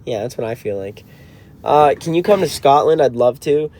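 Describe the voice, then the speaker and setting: A man's voice: medium pitch, lively intonation, moderate pace, a little mellow, slight background noise. A man in his twenties in a car, chatting casually on a livestream and answering viewer comments. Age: 20s. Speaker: band member hosting a livestream.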